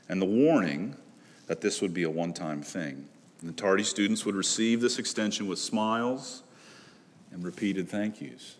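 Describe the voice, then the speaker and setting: A man pastor preaching a sermon in earnest, rising to loud pleas and dropping to hushed low lines. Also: a little hiss or hum. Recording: long reverb of a large hall.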